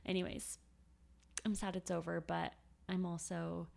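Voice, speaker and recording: A woman's voice: lowish voice, flat delivery, measured pace, gravelly, darkish tone. A woman co-hosting a podcast, chatting casually in a heartfelt, emotional way and laughing often. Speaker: podcast co-host.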